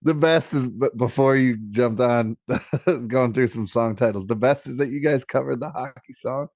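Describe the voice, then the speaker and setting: A man co-hosting a casual podcast chat, laid-back and quick to laugh. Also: medium pitch, a little mellow, no room sound. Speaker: podcast co-host.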